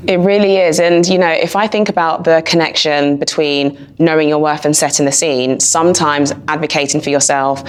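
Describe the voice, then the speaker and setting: Woman, podcast co-host, earnest, articulate, very low voice. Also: steady tone, fairly quick, few pauses, clear, resonant tone. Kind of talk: casual podcast discussion.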